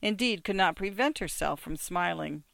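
A woman's voice: on the low side, expressive, gravelly, fairly bright tone, no echo. Woman reading a novel aloud. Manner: measured, understated narration. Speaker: narrator.

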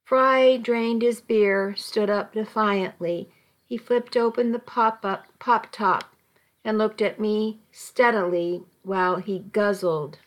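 A woman's voice: mid-range voice, fairly even intonation, slow. A woman narrating a first-person story with dramatic, emotional delivery.

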